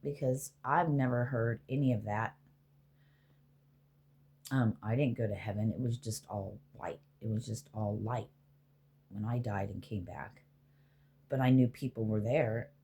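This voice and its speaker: A woman's voice: rumbling low, a little slow, pauses often, dark tone, husky. A middle-aged woman, a spiritual healer, rambling casually and with profanity as she talks to spirits aloud.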